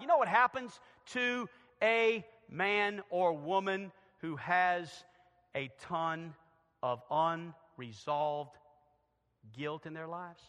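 A man preaching a sermon in a church, dramatic, swinging between loud passages and hushed ones. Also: on the high side. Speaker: pastor. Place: church sanctuary. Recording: long hall reverb.

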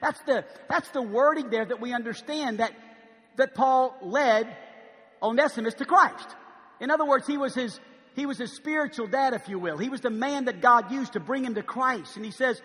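A middle-aged male pastor preaching a sermon in a conversational style, dropping to quiet asides and then rising to loud, emphatic pleading, often asking the congregation "amen?". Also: very high-pitched, moderate pace, in a large hall.

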